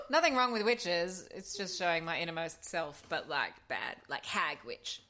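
An Australian woman talking as a podcast guest in relaxed conversation. Her voice sits a little low but rings bright and forceful. She plays up her jokes with a theatrical edge. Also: unhurried. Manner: playful, theatrical, joking. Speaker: guest, actor and audiobook narrator. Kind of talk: casual chat.

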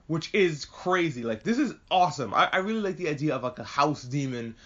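A man chatting casually and excitedly as a podcast host reviewing an anime, swearing freely and rambling. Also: fairly high pitch, a little fast. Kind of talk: casual chat. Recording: muffled lo-fi audio.

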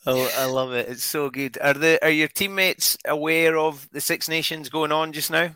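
A man's voice: on the high side, steady tone, normal speed, pushed and bright, clear, resonant tone. A man hosting a podcast, asking a guest questions in a casual, encouraging way. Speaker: podcast host.

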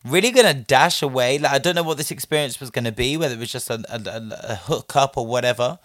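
A man's voice: medium pitch, fast, fairly bright tone, dry recording, clean studio sound. Sassy, chatty man. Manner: chatty and sassy, heavy use of "like", laughs often. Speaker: host answering a listener story. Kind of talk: casual commentary.

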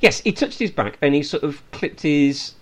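A man hosting a casual football podcast, chatty and quick to laugh, often correcting himself. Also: a little high, animated, slightly rough. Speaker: podcast host.

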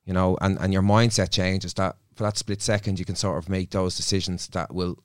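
Man, middle-aged, low voice, dry studio sound, reflective guest storyteller. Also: level tone, a little fast, clear, resonant tone, no echo. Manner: reflective, storytelling, often quotes himself. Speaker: therapist and podcast guest. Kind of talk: casual studio podcast chat. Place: podcast studio.

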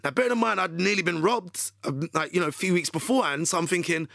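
A man, a radio DJ telling a story as an interview guest in a chatty, animated way full of fillers. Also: sits high, fast talker, gravelly, few pauses, dry recording, clean studio sound. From London.

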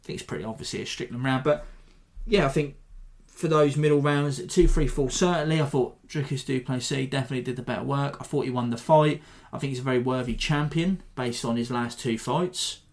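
A man hosting a podcast, giving a rambling, animated breakdown of a fight in a self-deprecating way. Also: mid-range voice, a little fast, few pauses. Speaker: podcast host. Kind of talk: casual fight analysis.

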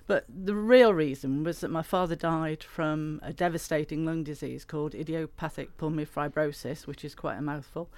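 A woman's voice: low-pitched, normal speed, few pauses, darkish tone, no echo. A woman being interviewed as a guest in a radio studio, explaining at length in an earnest way. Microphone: studio microphone.

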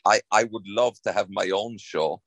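A man's voice: on the low side, normal speed, fairly bright tone, breathy edge, no echo. An Irish man, an actor, chatting in an interview, rambling with many restarts. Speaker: actor, guest. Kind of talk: casual interview chat.

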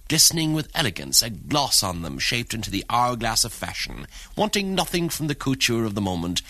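A man's voice: medium pitch, very animated, a little fast, pushed and bright, no echo. A man narrating a documentary in a wry, ornate storytelling manner. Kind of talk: scripted narration.

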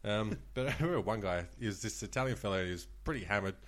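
Brief: Australian man, ex-dealer, casual, brisk and laughing. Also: lowish voice. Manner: fast, swearing, laughing often. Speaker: guest, former casino dealer. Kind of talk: casual storytelling.

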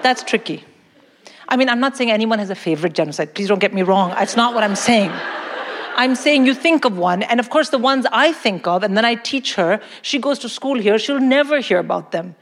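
A woman from India performs stand-up in a large concert hall, her fairly high voice carrying long reverb. She delivers her lines brashly and emphatically, with mock indignation. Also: expressive, a little fast. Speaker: stand-up comedian. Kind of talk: stand-up comedy set. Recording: hall reverb, audience laughter.

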